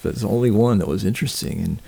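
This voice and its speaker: Older man, record collector type, very gravelly and husky, chatty and lively. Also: fairly low pitch, racing. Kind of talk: casual chat.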